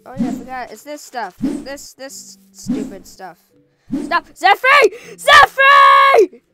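A woman's voice: sits high, normal speed, over loud music. A woman doing goofy, playful let's-play commentary and role-playing as she plays. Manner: goofy, bickers with herself in made-up voices. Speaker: gameplay commentator.

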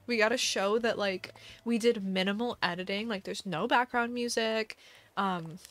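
A woman's voice: mid-range voice, moderate pace, fairly bright tone. A young woman streamer chatting casually to her live chat, laughing often and filling her talk with "like". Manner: giggly, chatty, lots of "like" fillers.

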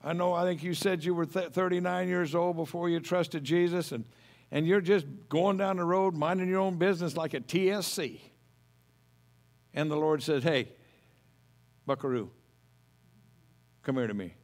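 A man's voice: high voice, steady tone, moderate pace. A middle-aged man preaching a sermon as pastor, folksy and homespun, telling stories with humor.

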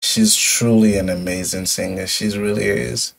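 A man's voice: fairly low pitch, steady tone, normal speed, vocal fry, recorded from a distance. A young man hosting a music reaction video, emotional and repetitive, with lots of yo and like. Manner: emotional, repeats phrases, says yo and like. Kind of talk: casual reaction commentary.

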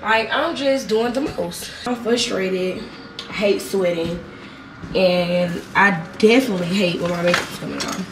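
A woman's voice: medium pitch, a little slow, reverberant, recorded from a distance, noisy background. A young woman vlogger telling a story in casual slang, swearing freely and talking with lots of energy.

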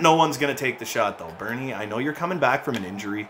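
Man, casual gameplay commentary, excitable, teasing, animated pitch, bright voice. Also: fast, slight background noise. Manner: excitable, mocking teammates, frequent laughs and shouts. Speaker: gaming YouTuber.

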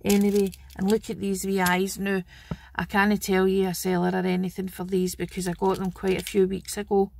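A woman's voice: mid-range voice, monotone, normal speed, vocal fry, darkish tone, a little hiss or hum. A Scottish woman chatting homely and casually as she shows off her craft haul. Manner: chatty and homely, fond of 'wee'. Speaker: craft channel host. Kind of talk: casual show-and-tell haul video.

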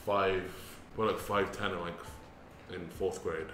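A man's voice: low-pitched, flat delivery, unhurried, pushed and bright, faint music behind. A British man from the UK chatting as a guest, laid-back and self-deprecating. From United Kingdom. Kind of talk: casual chat. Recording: echoey room with background noise.

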